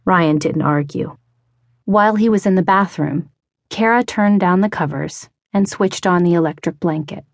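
A woman narrating a romance audiobook in a measured, even way, read into a close studio mic in a recording booth. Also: lowish voice, dry recording. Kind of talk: scripted narration.

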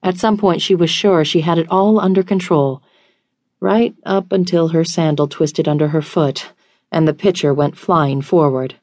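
A woman reading a romance audiobook in an even, measured way. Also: sits low, no echo, clean studio sound. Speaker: audiobook narrator. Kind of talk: scripted romance narration.

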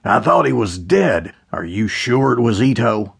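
A man narrating an audiobook voices a gruff, urgent older male general. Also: mid-range voice, big pitch swings, measured pace, fairly bright tone, full character voice.

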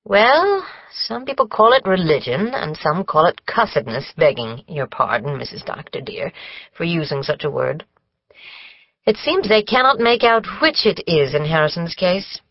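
A woman's voice: low-pitched, no room sound, dull audio, full character voice. A woman reading the part of a prim, gossipy older housekeeper who talks in long, formal ramblings.

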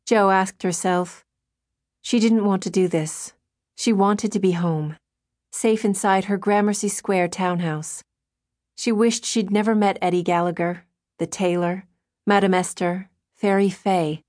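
A woman reading a novel aloud as an audiobook narrator, in a measured storytelling manner. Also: medium pitch, fairly even intonation, a little mellow. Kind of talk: scripted narration.

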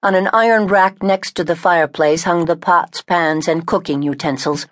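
Low-voiced woman narrating an audiobook. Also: steady tone, moderate pace, no room sound, clean studio sound. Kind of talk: scripted first-person narration. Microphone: close studio mic.

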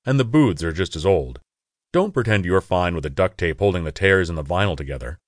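Dude doing a crude jokey young buddy, brash and teasing, low voice, dead-dry sound. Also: male voice, no room sound. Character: crude joking young man, the hero's buddy.

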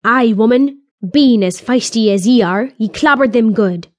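A blunt, gruff dwarf warrior, read by a woman narrator, full of old-fashioned rustic speech. His lines come with bold, ready energy. The recording is dry and close. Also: fairly high pitch, unhurried, dry recording, close to an everyday voice. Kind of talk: audiobook character voice.

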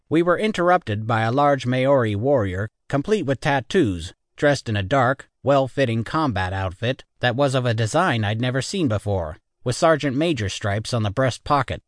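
A man's voice: medium pitch, expressive, moderate pace, no echo, studio quality. A man narrating a military science fiction audiobook in the first person, wry and matter-of-fact.

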